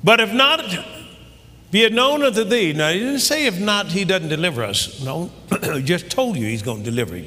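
A fervent male preacher with a high, bright voice that swings widely in pitch. He builds from measured scripture reading to shouted crescendos. The sound carries a long reverb, like a large hall. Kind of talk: sermon.

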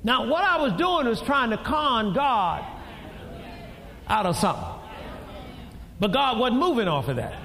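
A pastor preaching a sermon in a church, swinging between quiet storytelling and shouted emphasis. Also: male voice, extremely high pitch, very animated, a little slow, long pauses. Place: large church hall. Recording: reverberant church hall.

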